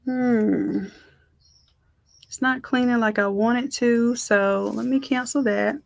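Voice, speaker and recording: A woman's voice: on the high side, fairly even intonation, takes it slowly, gravelly, no echo. A woman giving a live-streamed design tutorial, chatting with viewers and calling them y'all. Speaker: design instructor.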